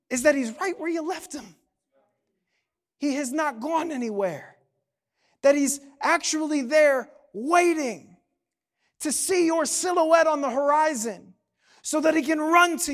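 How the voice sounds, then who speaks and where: A young adult pastor preaches during a church service in a high voice, taking his time. What starts as relaxed talk gradually rises into fervent shouting.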